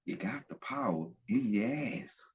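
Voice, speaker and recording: A man's voice: lowish voice, expressive, unhurried, slightly rough. A man hosting a podcast, talking bluntly and profanely in a rambling, casual way with frequent restarts. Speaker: podcast host. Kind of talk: casual opinion talk.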